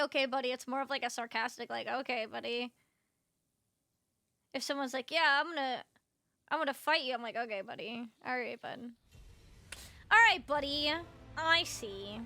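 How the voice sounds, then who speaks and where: Girl streaming a game, high voice, bright, chatting w chat and swearing a lot. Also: gravelly. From Canada. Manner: casual, swears freely, chats with viewers. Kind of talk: live gaming stream chat.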